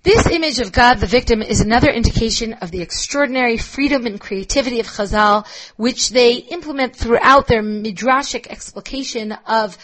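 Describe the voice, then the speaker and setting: A woman's voice: fairly high pitch, fairly quick, a bit bright, rough recording. A woman lecturing on rabbinic texts, reading Hebrew passages aloud and translating them line by line, thoughtful and full of restarts. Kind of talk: recorded lecture.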